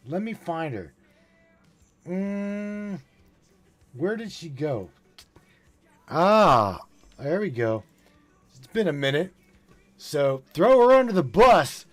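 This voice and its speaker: A man hosting a live call-in show, playful and teasing, with drawn-out exclamations. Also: on the high side, no echo.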